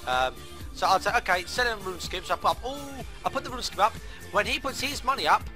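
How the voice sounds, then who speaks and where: A young man streaming a game, excitedly telling stories in a casual, swearing manner and acting out the voices of people in them. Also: high voice, fast talker, over music. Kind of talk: casual storytelling while playing a game.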